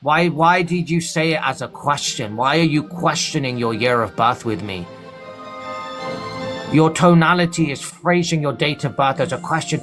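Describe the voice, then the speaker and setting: A man's voice: fairly high pitch, fairly bright tone. A man hosting a late-night live stream, lecturing callers in a stern, repetitive way. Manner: stern, lecturing, repeats himself. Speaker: livestream host.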